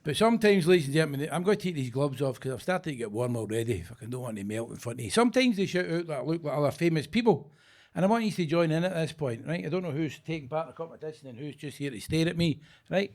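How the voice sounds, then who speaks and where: An older Scottish man headlining a stand-up set in a basement club, gruff and heavy with swearing. His voice sits a little high, and he bosses the crowd into joining in. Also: animated, fast talker, a little mellow. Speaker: headline comedian. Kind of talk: stand-up comedy.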